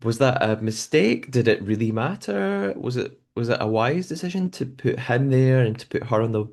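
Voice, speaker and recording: A man hosting a podcast, recapping a show episode in a relaxed conversational way. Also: medium pitch, normal speed, creaky. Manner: conversational recapping with frequent fillers and restarts. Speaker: podcast host.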